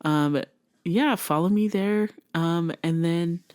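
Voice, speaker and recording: A woman's voice: fairly low pitch, slow pace, a little mellow. A woman hosting a motivational podcast, speaking earnestly and encouragingly to her listeners. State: emotional. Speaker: podcast host.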